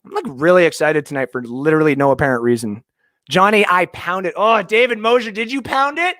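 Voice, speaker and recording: The livestream host is a young Canadian man in his home basement, reading out viewer comments with rambling jokes. His high, fairly bright voice moves a little fast, and the sound is clean studio quality without echo.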